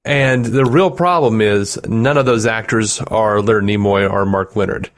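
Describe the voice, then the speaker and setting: A man's voice: on the low side, normal speed. A man co-hosting a podcast in casual chat, rambling with fillers and frequent laughs. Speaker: podcast co-host.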